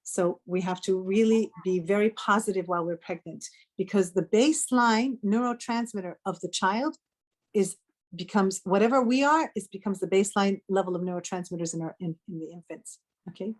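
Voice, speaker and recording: A woman's voice: medium pitch, moderate pace. A middle-aged woman, a spiritual healer guest on a podcast, telling a personal story in an earnest conversational way with frequent restarts and self-corrections.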